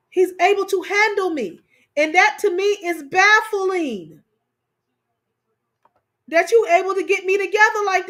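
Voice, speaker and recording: A woman's voice: extremely high pitch, a bit bright. A woman co-hosting a casual chat, telling stories animatedly, repeating phrases for emphasis and talking straight to her audience. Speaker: co-host.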